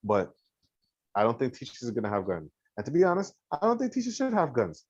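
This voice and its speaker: A man's voice: medium pitch, wildly swooping pitch, fast talker, darkish tone, husky, dry recording, dull audio. A man co-hosting a podcast in casual chat, telling stories animatedly and acting out quoted voices. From Canada. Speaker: podcast co-host.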